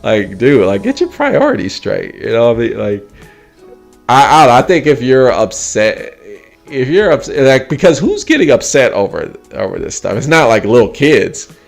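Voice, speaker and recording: A man in his forties talking casually as a host, laughing often and mimicking others in a mocking high voice. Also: huge pitch swings, normal speed, creaky, soft background music. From United States. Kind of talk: casual chat.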